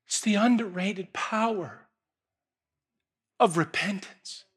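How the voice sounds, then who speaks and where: A male preacher telling a parable in a sermon, swinging from quiet, hushed storytelling to loud, emotional shouting. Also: sits high, takes it slowly, husky.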